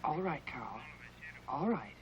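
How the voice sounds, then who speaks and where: A woman's voice: deep voice, big pitch swings, slow, heavily acted. An actress playing a troubled woman who pleads for advice. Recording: dull old TV soundtrack, faint hiss.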